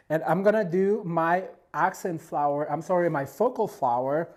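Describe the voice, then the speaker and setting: A man walks viewers through arranging flowers in a relaxed, chatty tutorial. His voice is mellow and soft-edged, and he sounds openly delighted with his work as he talks to "you guys" at home. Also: on the high side, moderate pace. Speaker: floral design instructor. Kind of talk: casual step-by-step tutorial.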